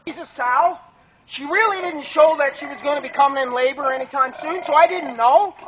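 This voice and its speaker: High-voiced man vlogging outdoors. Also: a little fast, a crowd in the background. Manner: talks to camera while working, coaxing and calling out to his pig. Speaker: homesteader filming his farm. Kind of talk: handheld outdoor vlog narration. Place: outdoors in brush on a farm. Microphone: camera mic, handheld and then set on a tree. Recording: dull lo-fi outdoor camera audio with clear background noise.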